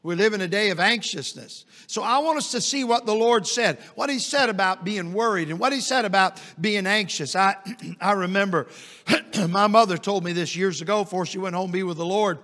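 In a church sanctuary, a middle-aged evangelist preaches a brisk sermon, his high, ringing voice trailing a long reverb. He shares folksy stories and builds to loud, emphatic peaks.

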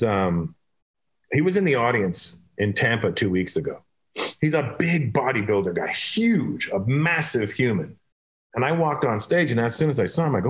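Animated comedian man from Canada. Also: mid-range voice. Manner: animated, acting out dialogue in his stories. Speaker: guest comedian. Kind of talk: casual chat and storytelling.

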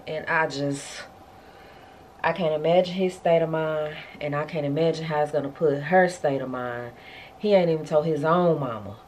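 A woman's voice: low-pitched, moderate pace, a little mellow, a little hiss or hum. A woman, chatting emotionally to her viewers in a casual vlog. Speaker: vlogger, mother.

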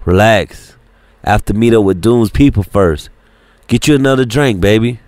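A man's voice: lowish voice, normal speed, dry recording, natural voice. A man doing a cool, laid-back crew boss. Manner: calm, laid-back, commanding. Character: cool, unbothered crew leader.

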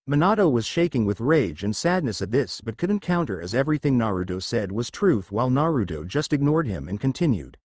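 Animated male fanfiction narrator. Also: mid-range voice, a little fast, hardly any pauses, breathy edge, no room sound. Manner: steady storytelling read from text.

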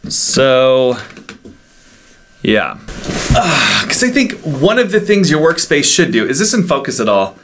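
A man's voice: mid-range voice, big pitch swings, a little slow, long pauses, fairly bright tone, a little hiss or hum. A man vlogging casually from his home office, rambling and interrupting himself as he shows things off. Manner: rambling, chatty, self-interrupting. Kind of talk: casual unscripted vlog. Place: home office in a house in the woods. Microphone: desk microphone.

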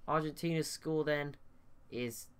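A man's voice: a little high, steady tone, unhurried, clear, resonant tone. A man giving casual, thinking-aloud commentary over a strategy game, often restarting his sentences. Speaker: gaming YouTuber.

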